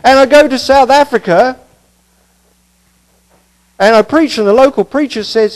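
A man's voice: very high-pitched, unhurried, long pauses, low-quality recording. A male preacher giving a conversational expository sermon, with casual asides and rhetorical questions.

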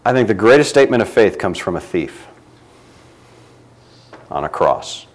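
A man preaching a sermon, reading scripture aloud and swinging between loud emphatic lines and quiet low ones. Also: big pitch swings, normal speed, low-quality recording.

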